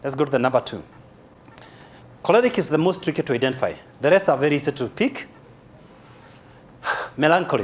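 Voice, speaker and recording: A man with a Kenyan accent giving a humorous, animated live seminar talk as a motivational speaker, spelling key words aloud. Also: a little high, fairly quick, long pauses.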